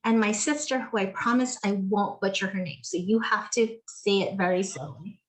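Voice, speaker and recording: An American woman hosts a relaxed video call, talking eagerly with plenty of "like" and "so". Her voice has an ordinary middle pitch for a woman. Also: normal speed, low-quality recording. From California, USA. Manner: chatty, enthusiastic, filler-heavy. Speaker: host. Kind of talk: casual video call conversation.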